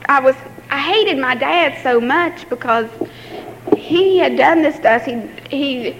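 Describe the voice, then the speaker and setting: A young woman tells a painful personal story in a fairly high voice, stopping and restarting often with fillers and nervous laughs. The recording has a long, echoey room sound. A faint hiss sits behind her voice. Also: measured pace, fairly bright tone.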